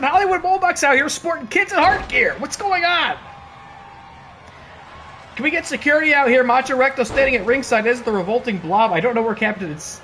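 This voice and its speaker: A man streaming and commentating a wrestling video game, excitable and laughing, with casual swearing and playful trash talk. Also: very high-pitched, slight background noise. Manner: excitable, laughing, bursts of disbelief.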